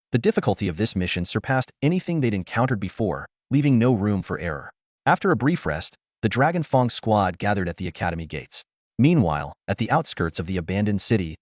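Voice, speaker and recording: A man with a low voice narrates a fantasy novel in steady storytelling fashion. His pitch rises and falls with lively inflection. The recording is dull, lo-fi and dry. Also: no room sound. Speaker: audiobook narrator. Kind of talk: scripted narration.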